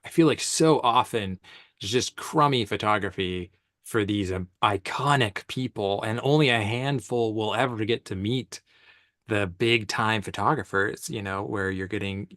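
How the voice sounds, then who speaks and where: Photographer guy spinning stories, lots of dude and laughs, lowish voice, dry sound. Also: measured pace, dry recording. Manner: animated, laughing, slangy storyteller. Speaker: commercial photographer guest. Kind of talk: casual storytelling conversation. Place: event space on stage.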